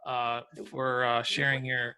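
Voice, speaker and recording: A man hosts a podcast and guides callers through their stories in a polite, steady way. His voice is bright and forward, at an ordinary pitch for a man. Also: slow pace, clean tone. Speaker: podcast host. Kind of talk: hosting call-in interviews.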